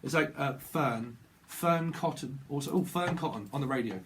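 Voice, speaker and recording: A man's voice: medium pitch, moderate pace, a bit bright, a little hiss or hum. A man with a British accent, a tarot reader vlogging in a rambling, free-associating way, repeating words over and over. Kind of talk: rambling channeled tarot vlog.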